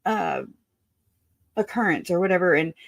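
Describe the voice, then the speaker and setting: A woman giving an emotional personal account of a family loss, halting and restarting, earnest and raw, with casual swearing. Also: lowish voice, very animated, dry recording. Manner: halting, full of restarts and self-corrections. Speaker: grieving relative.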